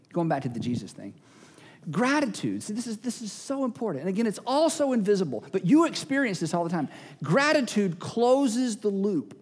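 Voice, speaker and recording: A man's voice: high voice, in a large hall. A male pastor preaching a sermon, emphatic and repeating key phrases, now and then acting out little everyday scenes.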